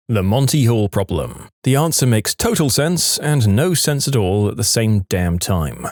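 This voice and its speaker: A man reads internet posts with a wry, joking edge, his voice lively and full of swoops. The sound is dry and close, with no room around it. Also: mid-range voice, no room sound. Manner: wry, animated delivery with sarcastic asides. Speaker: narrator reading online posts. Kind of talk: reading posts with comments.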